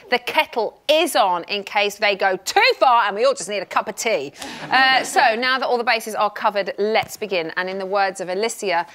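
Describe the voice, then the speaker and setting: A woman hosting a studio chat show, bubbly and giggly as she presents. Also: mid-range voice. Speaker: host. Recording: studio with loud audience and music.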